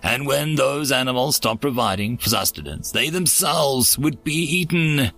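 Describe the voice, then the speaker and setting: A man's voice: mid-range voice, expressive, unhurried, vocal fry, sharp tone, faint music behind, exaggerated voice. A man voicing an amused male alien starship pilot who talks in a gleeful, gossipy way.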